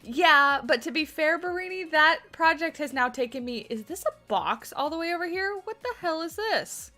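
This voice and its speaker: A woman's voice: high voice, animated, normal speed, sharp tone, soft background music. A woman hosting a game livestream, chatting casually with her viewers, answering their questions and laughing often. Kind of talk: casual livestream chat while building in a game.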